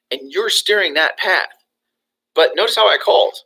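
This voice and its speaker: A young man coaching real estate agents in a lively motivational talk. His voice is bright and sharp, and he restarts sentences often with lots of ums and you-knows. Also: sits high, normal speed, vocal fry, slightly rough, low-quality recording. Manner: energetic, acts out phone calls, many fillers and restarts.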